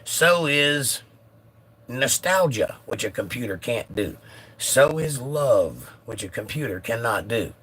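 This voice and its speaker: A man's voice: medium pitch, big pitch swings, slow, sharp tone, breathy edge. A man hosting a casual phone livestream, chatting and reading viewer comments aloud with a joking manner. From United States. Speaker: livestream host.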